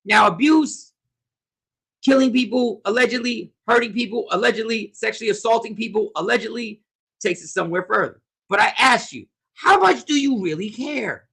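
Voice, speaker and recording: A man hosting a casual livestream, commenting on the news and reading viewers' comments aloud, animated and repetitive. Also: high voice, normal speed, gravelly, husky. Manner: animated, talks back to chat, repeats himself. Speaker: host.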